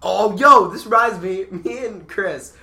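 A teenage boy chatting excitedly with friends, laughing and trading puns. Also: high-pitched, a little slow, creaky. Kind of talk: casual chat among friends. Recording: echoey room with faint noise.

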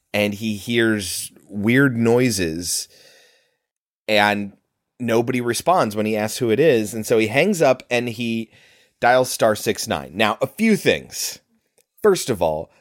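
A man's voice: on the low side, no echo, clean studio sound. A man co-hosting a podcast who recaps a movie in casual chat and goes off on explanatory trivia tangents. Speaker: podcast co-host.

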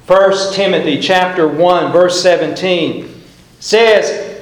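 A middle-aged male pastor preaching with a folksy, storytelling manner and dramatic pauses. His voice sits fairly high for a man, and the sound rings heavily around a big echoey church hall. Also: lively intonation. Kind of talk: sermon. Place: church sanctuary.

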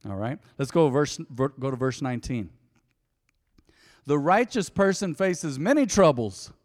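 A man teaching through Bible verses in a casual devotional sermon. He talks straight to his listeners, swinging from emphatic to soft and reflective. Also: mid-range voice, long reverb tail. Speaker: pastor.

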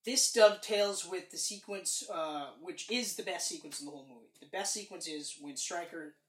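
A man casually chatting about movies as a podcast co-host, excited and swearing often. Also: high voice, moderate pace. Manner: animated, swearing, excited retelling. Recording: echoey room.

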